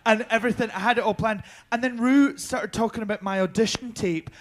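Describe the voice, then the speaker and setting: A man's voice: sits high, fairly even intonation, fairly quick. A young Scottish man telling a rambling backstage story on a panel, chatty, swearing freely, with lots of ums and restarts. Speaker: drag performer, viewing party panelist. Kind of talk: casual anecdote telling.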